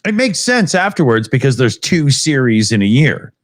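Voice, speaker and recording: Animated, swearing man co-host. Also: mid-range voice, moderate pace, dry recording, clean studio sound. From Canada. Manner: blunt, swears freely, animated storytelling. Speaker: podcast co-host. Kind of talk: casual chat.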